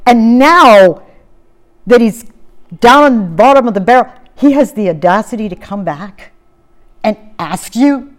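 A woman's voice: on the high side, animated, unhurried, pauses often. Resentful grown elder son, accusing and bitter, played by a woman preacher. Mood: indignant. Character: resentful indignant elder brother, a grown man.

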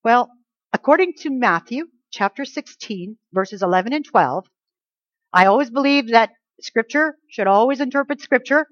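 A woman with a slightly high voice walks through a Bible passage in a chatty, teaching manner, often tossing in rhetorical questions to her listeners. The recording is dry and a little muffled. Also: expressive, normal speed, no echo.

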